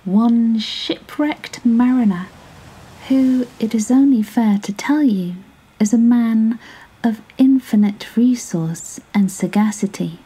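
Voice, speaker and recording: A woman's voice: on the high side, slow, dark tone, husky, voice pushed up, heavily acted, rough recording. A woman voicing a small, clever male fish in a bedtime storybook, speaking in a small, sly, persuasive voice.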